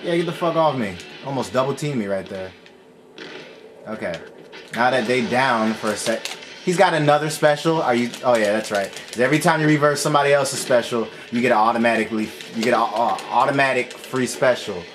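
A man's voice: mid-range voice, a little fast. A man giving casual gameplay commentary, frustrated and swearing constantly. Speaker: let's play gamer. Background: game music.

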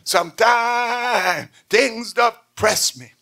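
A man preaching a call-and-response sermon, swinging from shouts to near-whispers as he tells stories. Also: very high-pitched, extremely slow, creaky, background noise.

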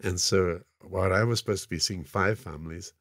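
Sixties man with a South African accent, deep, dry-miked podcast guest, loose anecdotal delivery. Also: brisk, no room sound. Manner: rambling, frequent "you know" fillers. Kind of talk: casual anecdotal storytelling.

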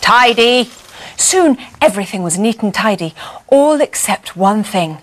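A woman reading a bedtime story aloud in a gentle, expressive way. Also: medium pitch, moderate pace.

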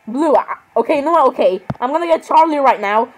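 A young woman with a fairly high voice gives casual gaming commentary. She rambles and sounds exasperated with the other players. She keeps apologizing as she talks. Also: lively intonation, quick pace, poor audio. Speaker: gaming vlogger.

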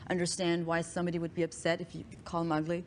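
German-accented actress, gracious and laughing. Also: female voice, lowish voice, monotone, a little hiss or hum. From northern Germany. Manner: laughing, gracious, quick-witted replies. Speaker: actress, talk show guest.

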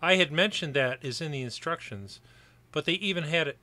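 A man's voice: a little high, lively intonation, brisk, sharp tone, no room sound. A middle-aged man from the Buffalo, New York area, narrating his kit build in a chatty, rambling way with fillers. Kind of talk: casual workbench narration.

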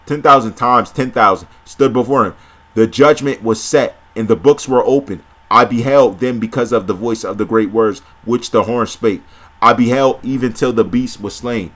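A man reading old-style scripture aloud, now and then breaking off to comment in casual slang. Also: mid-range voice. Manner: reads steadily, breaks off into excited slangy commentary. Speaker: scripture reader and preacher.

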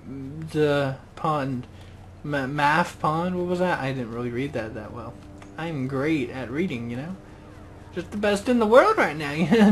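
Goofy, excitable gamer guy. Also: on the high side, slight background noise. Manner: goofy, excitable, self-mocking jokes. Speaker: let's play gamer. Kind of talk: gameplay commentary.

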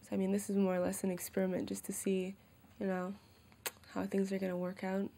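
A woman's voice: medium pitch, completely flat delivery, a little fast, dark tone, slight background noise. A young woman from Canada in a documentary interview, talking earnestly and casually with many fillers.

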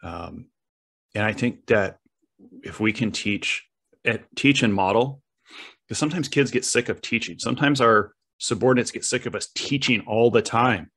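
Middle-aged dude hosting a podcast, lowish voice, thoughtful, kinda halting as he finds words. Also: a bit bright, slightly rough. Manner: reflective, halting, searches for words. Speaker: podcast host. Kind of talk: reflective conversational interview.

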